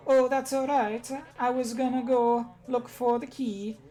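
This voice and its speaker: Woman putting on a hesitant, high Luigi. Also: steady tone, mellow, lightly acted. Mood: earnest. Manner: hesitant, halting with fillers. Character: timid kindly young man, plumber's brother.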